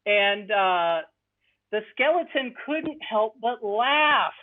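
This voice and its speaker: A man's voice: sits high, lively intonation. Young man on a tinny call line. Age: young adult. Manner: earnest, enthusiastic, halting. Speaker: guest presenter. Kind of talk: casual interview storytelling. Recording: tinny phone-like call audio.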